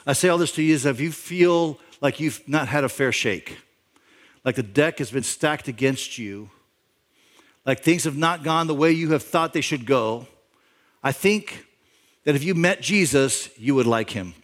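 A middle-aged male pastor giving a sermon, telling a story conversationally, with lines that climb louder and higher for emphasis. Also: expressive, unhurried. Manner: conversational storytelling, imagining a backstory aloud; rises in pitch and volume for emphasis.

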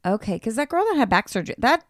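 A woman's voice: on the high side, fast, no room sound, clean studio sound. A woman co-hosting a podcast, dishing reality TV gossip in casual chat, swearing freely and acting out what people said. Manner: animated, swearing, acts out quotes. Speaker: podcast co-host.

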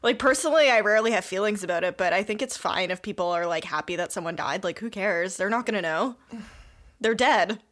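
A woman's voice: mid-range voice, a little fast, fairly bright tone. A young woman co-hosting a podcast in casual chat, with a dry, laid-back manner. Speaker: podcast co-host.

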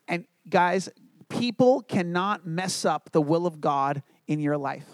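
A man with a high voice delivers a sermon as a pastor, telling his story in an earnest, heartfelt way. He drops to quiet, low tones when he quotes people or presses a point. The sound is close and dry, with little room echo. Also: normal speed.

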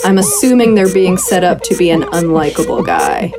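A woman's voice: on the low side, animated, moderate pace, a loud crowd. A woman co-hosting a podcast, chatting casually and animatedly about films, acting out quotes and swearing freely. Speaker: podcast co-host. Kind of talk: casual film review chat.

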